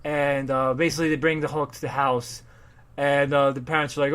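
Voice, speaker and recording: A man with a slightly high voice retells a comic book plot in casual chat. He keeps jumping into exaggerated character voices as he goes, and he swears freely. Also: fairly quick. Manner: animated retelling, acting out characters in silly voices, swears often. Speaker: podcast co-host recapping comics.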